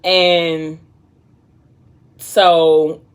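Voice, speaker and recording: A woman's voice: low-pitched, level tone, drawn-out words, clear, resonant tone. A young woman vlogger casually retelling a book in a chatty, slangy way while she eats. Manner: chatty, slangy storytelling, eating between lines. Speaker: vlog host.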